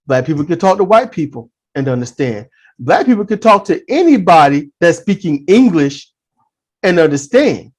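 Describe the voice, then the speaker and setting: A man hosting a casual podcast chat, an animated storyteller with blunt, profane talk. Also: on the high side, normal speed.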